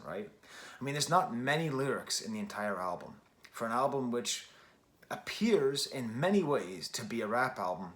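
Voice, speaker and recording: A man's voice: medium pitch, a bit bright. A man giving a casual spoken record review, thinking aloud with many restarts and fillers. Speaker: music reviewer.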